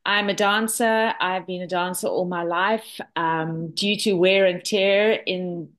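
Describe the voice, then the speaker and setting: A woman's voice: fairly low pitch, steady tone, slow pace, fairly bright tone. A woman in her sixties from South Africa, giving a chatty, enthusiastic personal testimonial with many fillers during an online presentation over a video call. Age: 60s.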